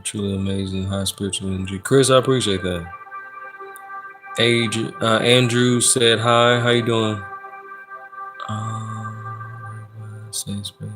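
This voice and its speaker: A relaxed man, hosting a livestream and chatting with viewers. His voice sits a little low, and soft music plays faintly behind him. He talks in a loose, joking, slangy way. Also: takes it slowly, long pauses. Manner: laid-back, joking, slangy, reads chat aloud. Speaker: livestream host doing personal readings. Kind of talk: casual livestream chat reading comments.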